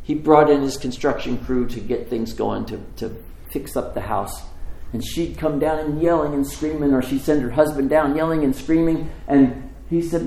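A man preaching in a conversational, halting way, retelling a story with many restarts. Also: a little high, vocal fry, dark tone, roomy sound, rough recording. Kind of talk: sermon storytelling.

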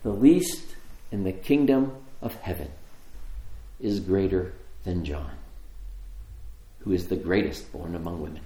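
Guy preaching a sermon, storytelling with long pauses, echoey room. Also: low voice, warm tone. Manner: storytelling, varied emphasis, drawn-out pauses. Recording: roomy echo.

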